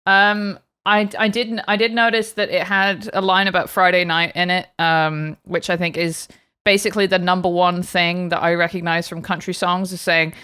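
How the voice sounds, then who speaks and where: A British woman with a low, smooth and clear voice, co-hosting a casual podcast. She talks playfully and mocks herself, her chat full of little ums and restarts. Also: little pitch movement, normal speed, a bit bright. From Britain. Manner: playful, self-mocking, many fillers. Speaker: podcast co-host.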